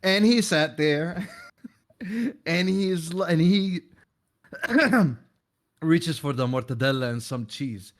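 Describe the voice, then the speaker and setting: A man's voice: on the high side, expressive, slow pace, long pauses. A man in casual chat, telling a rambling story and laughing often.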